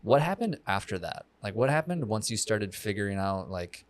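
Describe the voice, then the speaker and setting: A man hosts a podcast with a fairly low voice and an easygoing, chatty manner, often pausing on fillers. The sound is dry and close, with no room echo. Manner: relaxed, conversational with many fillers. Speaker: podcast host. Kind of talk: casual podcast interview.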